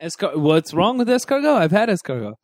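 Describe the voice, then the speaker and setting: A man's voice: high voice, very animated, fairly quick, no echo, clean studio sound. A man co-hosting a casual podcast chat, rambling into lectures full of trivia and crude jokes. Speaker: podcast co-host.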